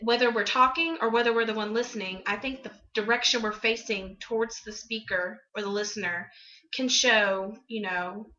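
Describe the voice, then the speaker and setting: Bright-voiced young woman, halting and full of ums. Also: fairly high pitch, steady tone, highs cut off. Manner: halting, many ums, demonstrates expressions. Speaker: student. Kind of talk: casual class presentation.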